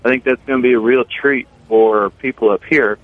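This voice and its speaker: A man's voice: mid-range voice, fairly even intonation, moderate pace, dry recording. Man on a tinny phone line. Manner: laid-back, plain-spoken, many fillers. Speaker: brewer and festival organizer, phone guest. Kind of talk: casual radio chat. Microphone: telephone.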